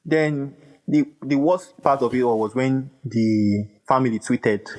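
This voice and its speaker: A man's voice: mid-range voice, steady tone, normal speed, a little mellow, low-quality recording. A Nigerian man with a Nigerian accent, speaking as a podcast guest in a casual, passionate and emphatic way, repeating phrases for effect. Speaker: guest, culture writer.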